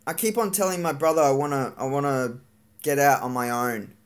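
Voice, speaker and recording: A vlogger venting in a live-streamed rant, frustrated and swearing, with lots of halting fillers and restarts. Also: medium pitch.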